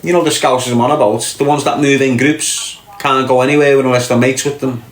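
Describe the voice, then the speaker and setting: A man's voice: medium pitch, fairly even intonation, fairly quick, roomy sound. A man hosting a casual livestream, answering chat comments with brash, sweary, mocking banter.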